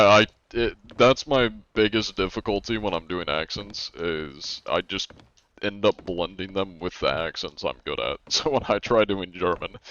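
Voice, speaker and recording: A man's voice: low-pitched, a bit bright, clear, resonant tone, lo-fi sound. A man streaming a game live, chatting casually and rambling with occasional chuckles and swearing.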